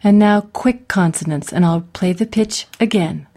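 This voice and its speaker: A woman voice coach giving clearly enunciated, call-and-response pronunciation drills. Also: mid-range voice, a little slow, dark tone. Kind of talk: guided vocal exercise instruction.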